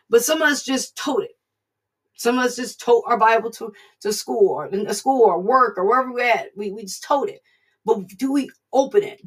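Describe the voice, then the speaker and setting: A woman's voice: a little high, far from the mic, poor audio. A woman giving an informal online devotional sermon, earnest and conversational, repeating her points as she preaches. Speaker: devotional speaker.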